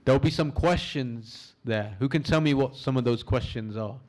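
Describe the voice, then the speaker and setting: A man leading a training course, lecturing a class, asking the audience questions and slowing down for emphasis as he guides them through an imagined scene. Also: mid-range voice. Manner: lively teaching, asks the audience questions; slows down for emphasis in guided imagery. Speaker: course instructor.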